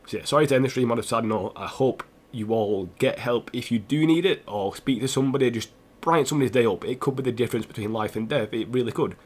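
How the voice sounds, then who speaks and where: Tearful young man, halting. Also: medium pitch, a little mellow, husky. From England. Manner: earnest, halting, with restarts and repeated phrases. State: tearful, close to crying. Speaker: gaming streamer. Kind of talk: emotional personal address to stream viewers.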